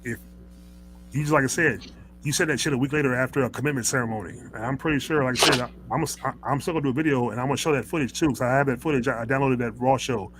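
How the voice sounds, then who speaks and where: A man's voice: medium pitch, very fast, noisy background. A man hosting a casual wrestling talk show, ranting in a heated, rambling way, with many stammers and restarts. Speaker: host.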